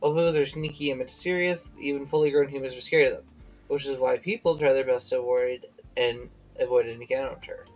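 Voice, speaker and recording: A man's voice: mid-range voice, fairly even intonation, brisk, low-quality recording. A tired man streaming a game, reading its dialogue aloud with slips and self-corrections, breaking off to chat and yawning.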